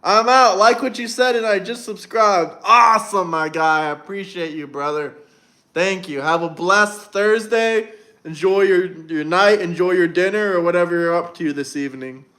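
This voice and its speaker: A man's voice: sits high, normal speed, bright, forceful tone. A young man hosting a casual livestream, reading viewer comments and answering them bluntly, with plenty of swearing and rambling. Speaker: livestream host.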